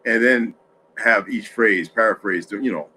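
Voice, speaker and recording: A sleepy man hosts a casual livestream from his home, yawning and rambling through his thoughts with many restarts. His voice sits low. A faint background hiss runs under his talk. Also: a little slow, pushed and bright, rough recording. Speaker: livestream host.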